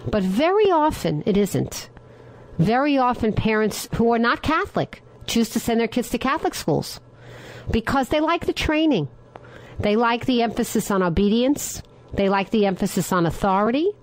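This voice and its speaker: A woman's voice: a little high, sing-song, normal speed, rough recording. Opinionated middle-aged woman radio host. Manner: opinionated, asks listeners rhetorical questions. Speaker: radio talk show host. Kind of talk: opinion talk radio monologue.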